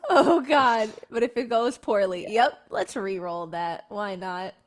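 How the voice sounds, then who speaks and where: A woman's voice: mid-range voice, a little slow. A woman playing in a tabletop game, talking expressively and laughing easily. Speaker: player.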